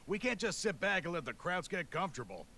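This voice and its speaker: An actor playing a blunt, impatient American commander in a video game cutscene. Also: male voice, sits high, very animated, fast, bright, forceful tone, slight background noise, heavily acted. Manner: blunt and pushy.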